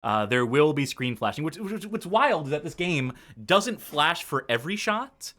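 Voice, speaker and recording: A man's voice: a little high, sing-song, moderate pace, a bit bright. A man hosting a casual game stream, rambling with lots of fillers and self-corrections and chuckling often. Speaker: stream host.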